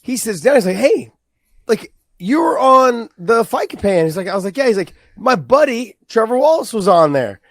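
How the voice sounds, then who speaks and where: A man co-hosting a podcast, chatting in a loose, excitable way with plenty of swearing. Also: extremely high pitch, moderate pace, no echo, studio quality. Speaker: podcast co-host. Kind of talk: casual chat.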